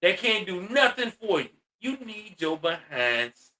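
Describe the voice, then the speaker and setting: A man with a bright, high-pitched voice delivers blunt, profane commentary, lecturing his listeners. He sounds exasperated and straight-talking. The voice sits a little back from the mic. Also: big pitch swings, unhurried, far from the mic. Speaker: commentary host. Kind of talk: ranting social commentary.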